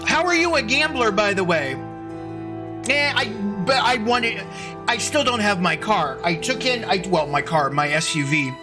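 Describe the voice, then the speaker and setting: A man's voice: high-pitched, lively intonation, normal speed, music in the background. A man hosting a casual live stream, rambling and restarting his sentences as he greets viewers by name. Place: at home computer.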